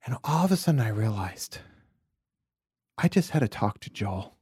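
A man from Brooklyn, a podcast guest, telling earnest, emotional stories in a reflective conversation, sometimes dropping to a soft whisper. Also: on the low side, very animated, normal speed, husky, no room sound, studio quality.

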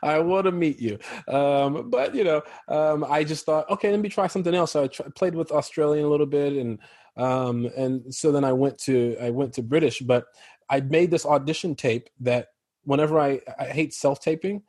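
A man's voice: on the high side, normal speed, no room sound, studio quality. An American man from Chicago, an actor telling stories in a casual interview, laughing often. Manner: laughs often, animated storytelling. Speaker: actor guest.

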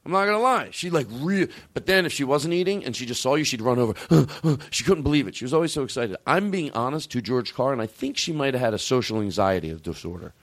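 A man hosts a loose, chatty show, his pitch swinging up and down as he rambles. He keeps stopping mid-thought and swears without a care. His voice is close and dry, with almost no room sound. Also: expressive, quick pace, hardly any pauses, a bit bright, no echo. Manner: rambling, self-interrupting, swears freely. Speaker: podcast host. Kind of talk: casual chat.

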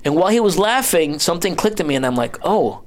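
A man's voice: fairly high pitch, very animated, fast talker. A middle-aged man from New Jersey, a podcast guest, telling a rambling story full of restarts and quoted asides. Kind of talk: casual storytelling chat.

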